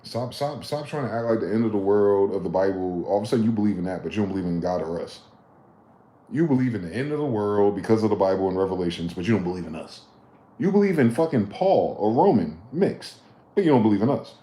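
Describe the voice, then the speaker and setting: Late-30s male livestreamer, lowish voice, heated preachy rant, echoey room. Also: animated, quick pace. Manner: heated, profane, preachy rant with sharp swings in loudness. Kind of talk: ranting livestream monologue. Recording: roomy echo.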